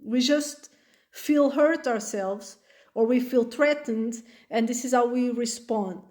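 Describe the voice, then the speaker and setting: A woman's voice: a little high, slow, a little mellow. A woman parenting coach giving earnest, reassuring advice to camera, with many fillers.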